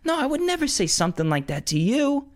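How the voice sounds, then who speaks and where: A man putting on an impression of a famous older actor, pitched far above his own voice and pleading. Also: very animated, fast talker. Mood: coaxing. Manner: high, pleading, coaxing.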